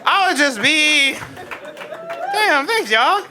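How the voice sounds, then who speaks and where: A young man from Omaha doing a stand-up comedy set, animated and swinging between quiet asides and loud punchlines. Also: very high voice, slow, crowd noise, noisy background. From North Omaha, Nebraska, USA.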